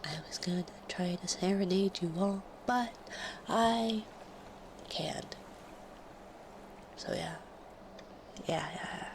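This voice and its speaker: A woman chatting casually on her live stream while sick with a fever, often dropping into soft whispers. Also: medium pitch, noisy background. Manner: slow and soft, drifting into whispers. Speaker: livestreamer. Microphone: close studio microphone.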